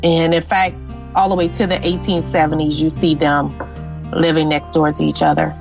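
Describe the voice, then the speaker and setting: A woman's voice: deep voice, little pitch movement, normal speed, gravelly, over music. A woman sharing her family's history in an interview, earnest and reflective, with frequent "um" and "like". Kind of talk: personal storytelling in an interview.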